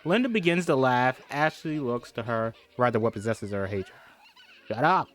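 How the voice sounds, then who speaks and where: A man's voice: medium pitch, expressive, normal speed. Chatty man reading a horror script aloud. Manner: chatty, laughs, jokes and apologizes between lines. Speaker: script reader. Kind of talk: casual script reading with commentary.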